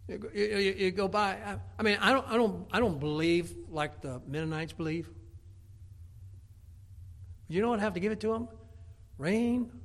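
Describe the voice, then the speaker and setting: Man, Baptist pastor, sermon, gravelly fry, folksy, emphatic, stumbling restarts, shouts at times. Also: high-pitched. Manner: repeats words when starting a thought.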